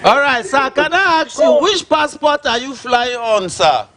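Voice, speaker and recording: A man's voice: extremely high pitch, lively intonation, measured pace, pushed and bright. A man with a Nigerian Pidgin accent hosting a call-in show, bantering with callers. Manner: banters with callers, switches between Pidgin and English. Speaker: radio call-in host.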